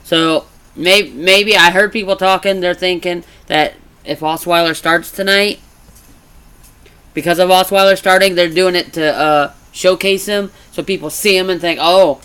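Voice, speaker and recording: Bright, clear-voiced man chatting casually. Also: sits high, measured pace. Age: adult. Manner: rambling, restarts, animated when retelling. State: congested from allergies. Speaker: vlogger. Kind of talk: casual chat.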